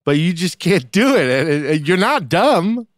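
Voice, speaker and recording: A man co-hosting a podcast, teasing his co-host with short deadpan remarks in casual chat. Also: high-pitched, unhurried, dry recording, studio quality.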